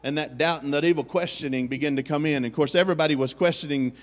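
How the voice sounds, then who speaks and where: Earnest pastor in a reverberant hall. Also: male voice, fairly high pitch, quick pace. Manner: earnest storytelling, acts out quoted voices. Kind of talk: sermon. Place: church sanctuary.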